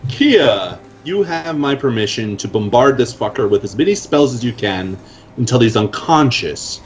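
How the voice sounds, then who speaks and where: A man's voice: mid-range voice, expressive, moderate pace. A man playing a tabletop game with wry, swearing banter. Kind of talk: casual play over a call.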